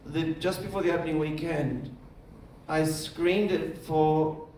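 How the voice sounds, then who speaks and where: A middle-aged man spins anecdotes for a festival audience, acting out the people in his stories. His voice sits fairly high for a man. The mic is some way off in an echoey room, with a faint hiss underneath. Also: takes it slowly, far from the mic. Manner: animated storyteller, acts out other voices. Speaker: film director, festival jury head. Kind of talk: on-stage conversation, anecdotal storytelling. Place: festival stage before an audience.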